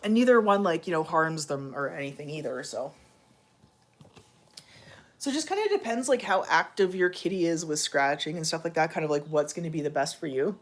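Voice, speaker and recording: Her voice sits low, animated and fairly quick, as a woman films a relaxed home vlog. She chats with viewers to camera, speaks to her cats, and uses plenty of fillers.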